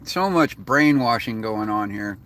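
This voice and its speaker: A man's voice: on the low side, animated, a little slow, fairly bright tone. A man venting in a rambling, profane, casual rant as a vlogger. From United States.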